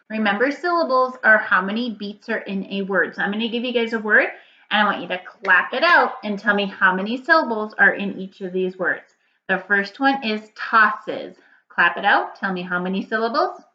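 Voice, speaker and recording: A woman with a bright, clear voice leads a recorded first grade reading lesson for small children. She talks in slow, plainly spaced prompts and repeats each instruction. The sound is a little dull and lo-fi, like a simple home recording. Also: mid-range voice.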